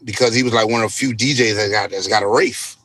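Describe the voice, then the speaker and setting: A man, a DJ guest on an interview podcast, telling a story in a casual, animated way with plenty of swearing. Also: lowish voice, quick pace, no echo. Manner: animated, profanity-laced storytelling.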